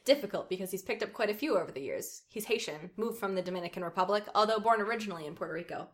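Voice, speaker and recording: A woman's voice: medium pitch, racing. A woman reading a story aloud, stopping now and then to laugh at it and mock its writing. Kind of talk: reading aloud with casual commentary.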